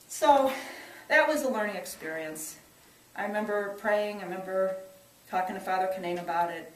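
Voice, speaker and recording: A middle-aged woman who works in church social service tells a personal story, earnest and reflective, often restarting and rising emphatically. Her pitch is fairly low. The sound is roomy and distant, with faint ambience.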